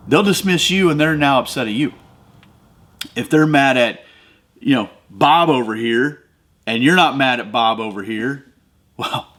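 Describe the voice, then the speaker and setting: This devotional podcast host, a middle-aged man from the American Midwest, chats easily and then rises into forceful, sermon-style stretches. He speaks with a fairly bright voice on the high side.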